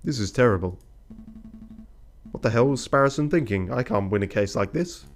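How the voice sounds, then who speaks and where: A man's voice: mid-range voice, lively intonation, moderate pace, soft background music, lightly acted. A man voicing a proud, touchy bird lawyer who sounds exasperated and flustered. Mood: frustrated.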